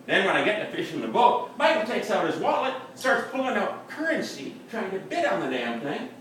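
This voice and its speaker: Guy doing a wisconsin fisherman spinning a tall tale, bright bouncy voice, echoey room from far off. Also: sits high, big pitch swings, a little fast, a little hiss or hum. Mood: folksy. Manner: folksy, ungrammatical, tall-tale telling. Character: folksy boastful male Wisconsin fisherman, middle-aged. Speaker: performer at a live reading. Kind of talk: comic character monologue. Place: upstairs room of a bar at a live reading.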